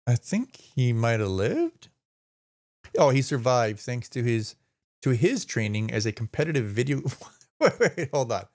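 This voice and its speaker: A streamer hosting a live stream casually reads a news story aloud, rambling, tripping over names and swearing now and then. His mid-range voice has big pitch swings and a slightly mellow quality, and he speaks a little slowly.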